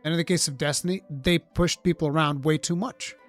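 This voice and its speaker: A man's voice: a little high, fairly even intonation, a little fast, faint music behind. A man hosting a live gaming talk show, giving blunt, rambling, profane opinions. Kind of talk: casual gaming commentary.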